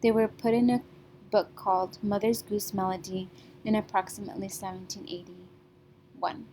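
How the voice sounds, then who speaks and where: Patient woman teacher, mellow voice. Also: medium pitch, steady tone, moderate pace, slight background noise. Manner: patient, sing-song classroom delivery with frequent "okay?" checks. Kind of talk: recorded remote reading lesson.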